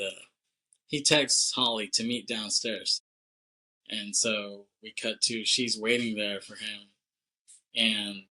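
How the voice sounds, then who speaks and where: A young podcast co-host with a low-ish, bright, forceful voice casually recaps a movie plot, heard through poor audio. His talk is loose and profane, and he acts out characters' lines with laughs.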